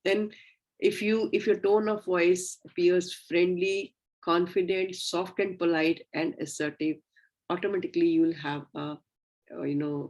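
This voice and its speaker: A middle-aged woman teaches a class of medical students in a recorded lecture. She sounds earnest and instructive and often pauses on small fillers. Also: on the low side, darkish tone, poor audio.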